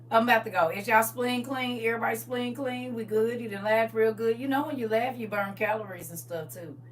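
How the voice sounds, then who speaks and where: A woman hosting a livestream in casual chat, laughing often, repeating "listen," and moving into gentle spiritual advice. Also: a little high, a little fast. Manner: laughs often, repeats "listen" and "I'm trying to tell you". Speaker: livestream host. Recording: distant mic with faint hum.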